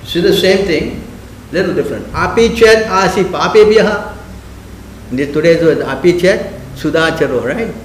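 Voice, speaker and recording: A man's voice: sits high, expressive, normal speed, slight background noise. A man teaching a spiritual class in a conversational way, often questioning his listeners and acting out quoted speech. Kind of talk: sermon class. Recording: echoey room.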